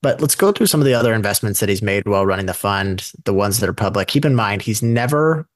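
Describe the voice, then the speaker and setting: A man's voice: on the low side, animated, fast, dry recording. A man co-hosting a podcast, talking casually and working through stories with frequent fillers and asides. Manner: conversational, with many fillers and asides. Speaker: podcast co-host. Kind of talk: casual investing podcast chat.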